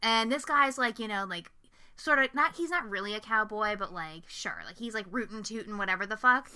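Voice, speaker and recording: A young woman co-hosting a casual podcast, telling stories in a profane, animated way and acting out quotes. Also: medium pitch, fairly quick, clear, resonant tone. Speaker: podcast co-host.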